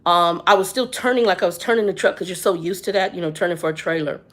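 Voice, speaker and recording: A woman's voice: fairly low pitch, fast talker. A woman, telling a story in a casual, chatty vlog. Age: 50s. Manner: animated, chatty storytelling with lots of reported speech. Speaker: vlogger.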